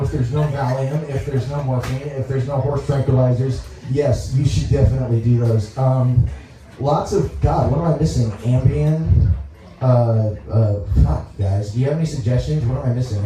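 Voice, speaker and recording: A young man from Dallas doing a stand-up comedy set, rambling, halting and crude as he talks to the crowd on a club stage. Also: mid-range voice, background noise. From Dallas, Texas. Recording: echoey room, mic heard from far off.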